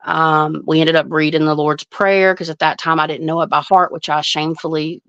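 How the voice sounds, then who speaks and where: A woman's voice: low-pitched, fairly even intonation, brisk, a bit bright, clean tone, no room sound, highs cut off. A woman, a psychic medium guest telling a story in casual chat, earnest and emphatic. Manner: earnest, emphatic retelling with frequent restarts.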